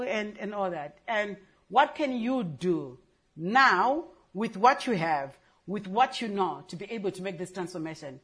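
A woman's voice: mid-range voice, lively intonation, unhurried, fairly bright tone. Panel speaker: woman, earnest and emphatic, repeats key phrases. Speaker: panel speaker for a girls' education charity. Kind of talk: conference panel talk.

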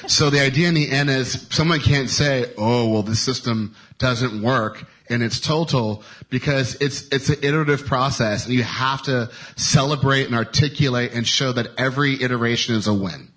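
A man's voice: medium pitch, fairly quick, hardly any pauses, fairly bright tone, low-quality recording. Upbeat man talking on a panel. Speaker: transit panelist. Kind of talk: panel discussion answer.

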